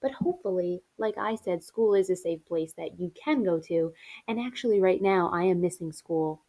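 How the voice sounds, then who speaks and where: A woman's voice: fairly low pitch, normal speed, warm tone. A woman teacher giving a virtual reading lesson to her young pupils, in a friendly, encouraging way. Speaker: elementary school teacher.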